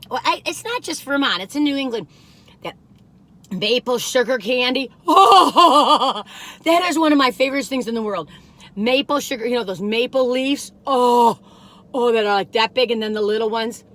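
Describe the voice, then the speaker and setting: Giggly, chatty woman with a lively voice. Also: medium pitch. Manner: chatty, rambling and digressive; giggly, laughs often. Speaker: food review vlogger. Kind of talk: casual chat.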